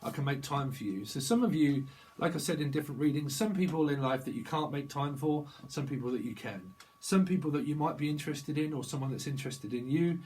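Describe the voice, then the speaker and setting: A man's voice: fairly high pitch, animated, brisk, a little mellow, rough recording. A man giving a rambling psychic tarot reading, free-associating through wordplay and laughing at his own jokes. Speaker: tarot reader.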